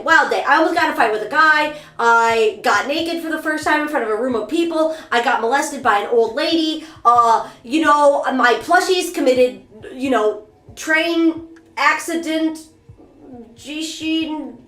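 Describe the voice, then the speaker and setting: High-voiced woman telling a rambling story. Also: unhurried, echoey room. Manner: animated, rambling, self-mocking. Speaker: VTuber streamer. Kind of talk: casual storytelling to stream chat. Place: bathroom during a bath.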